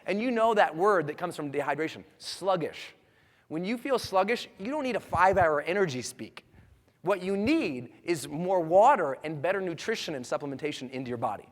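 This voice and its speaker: Emphatic high-pitched motivational speaker. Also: male voice, normal speed. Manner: energetic, emphatic storytelling. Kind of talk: motivational seminar talk. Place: large hall with live audience. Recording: echoey hall reverb.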